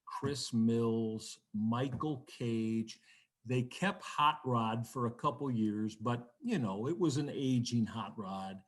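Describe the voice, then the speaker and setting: A man telling rambling, animated stories as a podcast guest, with frequent restarts. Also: mid-range voice, slow pace. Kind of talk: casual storytelling.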